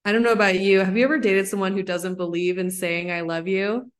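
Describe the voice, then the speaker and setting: Excited woman explaining psychology. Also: medium pitch, brisk. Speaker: guest psychologist. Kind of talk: podcast interview.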